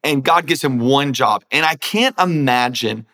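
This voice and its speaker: A man talking as a guest pastor, with an earnest, preacherly way of speaking and a middle-pitched voice. He sometimes acts out what people think to themselves, and he leans into his points with conviction. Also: expressive, measured pace, sharp tone. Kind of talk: conversational preaching.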